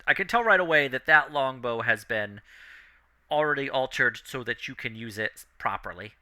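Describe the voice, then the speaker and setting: A man's voice: mid-range voice, animated, normal speed, pushed and bright, dry recording. A man voicing an eager male merchant selling bows, salesy and keen to please. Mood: helpful.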